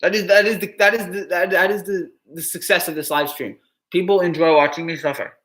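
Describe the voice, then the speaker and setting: A man's voice: sits high, steady tone, fairly quick, fairly bright tone, echoey room. A man reacting live to a ballgame as a fan streamer, anxious and pleading, with heavy sighs.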